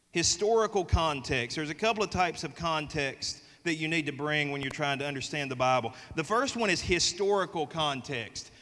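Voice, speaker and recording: Southern us pastor guy preaching, kinda high voice, chatty folksy stories, big echoey hall. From American South. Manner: storytelling, animated, folksy. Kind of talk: sermon.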